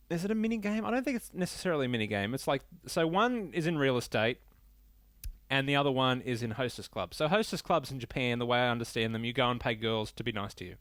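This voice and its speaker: A man's voice: mid-range voice, fairly bright tone, no room sound. Male podcast host, casual and profane, rambling rants, dry and close. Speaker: podcast host reviewing games. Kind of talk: casual solo podcast talk.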